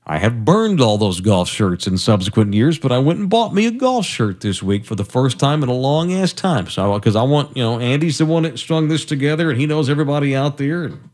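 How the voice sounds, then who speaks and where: A man hosting a sports radio show, bantering casually in a lively, joking, self-deprecating way. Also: mid-range voice, brisk, hardly any pauses.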